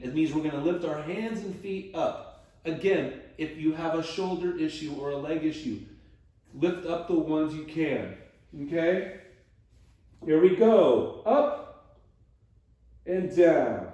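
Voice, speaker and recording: A man leads a floor stretching class at an unhurried pace, with light jokes and steady counting of breaths and reps. His voice sits a little high for a man. The sound is distant, with a strong roomy echo. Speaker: exercise instructor.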